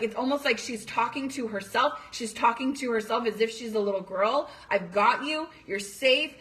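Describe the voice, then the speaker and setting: A woman's voice: a little high, pushed and bright. A young woman coach talking earnestly to parents, emphatic and direct, sometimes acting out panicked voices. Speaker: coach for teenage girls. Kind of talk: direct-to-camera talk to parents.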